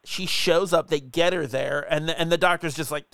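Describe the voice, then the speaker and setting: Smooth-voiced man, joking co-host. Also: on the high side, fairly even intonation, moderate pace, fairly bright tone, no room sound. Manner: laid-back, laughs often, joking asides. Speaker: podcast co-host. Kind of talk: casual movie review chat.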